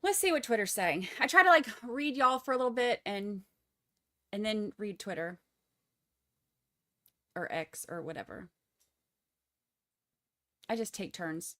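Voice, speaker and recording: A woman's voice: medium pitch, animated, a little slow, pauses often, pushed and bright. A woman with a Texas accent giving casual, joking live-stream commentary on a trial and talking to her viewers. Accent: Texan. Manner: chatty, joking asides to viewers.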